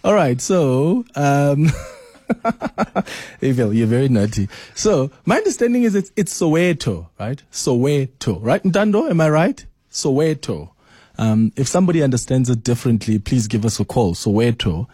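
A South African man hosting a radio talk show, animated and exclaiming often as he reacts and answers listeners. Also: medium pitch, moderate pace, husky, no echo, studio quality.

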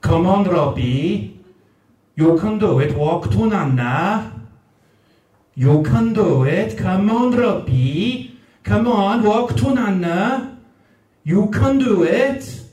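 A man playing an older grandmother from Newport in South Wales, coaxing a baby in a drawn-out, sing-song voice. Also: medium pitch, animated, dark tone. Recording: roomy hall, mic at a distance.

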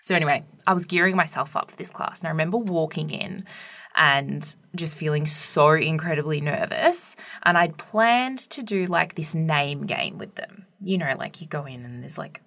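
A woman's voice: low voice, normal speed, creaky, fairly bright tone. A young adult woman co-hosting a podcast, telling a teaching story in a casual, chatty way full of "like" and "right?".

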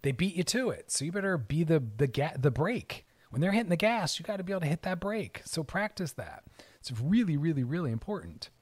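A man's voice: on the high side, sing-song, brisk. Emphatic man giving a therapy talk. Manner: emphatic, direct, coaching tone. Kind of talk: earnest motivational talk.

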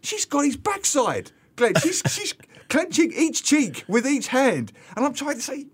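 On a radio show, a columnist and author who contributes regularly tells funny travel stories with liveliness. His voice is very high, and his pace measured.

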